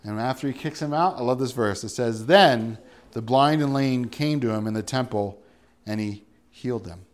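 A man preaching a sermon in a relaxed, conversational way, asking his listeners questions and acting out little everyday scenes. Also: mid-range voice, moderate pace. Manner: chatty, rhetorical questions, acts out everyday scenes. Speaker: pastor.

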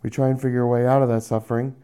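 A man's voice: medium pitch, little pitch movement, warm tone, clear, resonant tone. A man preaching a sermon, addressing believers directly and acting out the voices of the people he describes. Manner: acts out quoted voices, drawn-out "mm" sounds.

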